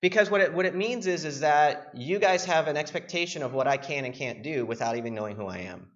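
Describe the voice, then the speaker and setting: A man's voice: a little high, quick pace. Young man telling stories at a talk. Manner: animated, joking, acts out voices. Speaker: penetration tester giving a conference talk. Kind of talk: casual, storytelling conference talk. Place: conference room. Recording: dull lo-fi conference recording.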